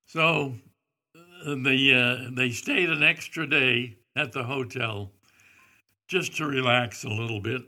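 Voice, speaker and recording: An older man casually telling a long anecdote, rambling and pausing on frequent "uh" fillers as he goes. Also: mid-range voice, pushed and bright. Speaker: storyteller recalling a celebrity visit.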